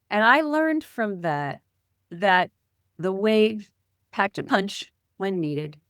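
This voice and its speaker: A woman, a spiritual teacher and guest, telling a personal story in an interview with vivid, playful sound words and the odd cleared throat. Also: lowish voice, fairly bright tone, no room sound, clean studio sound. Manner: clears throat now and then.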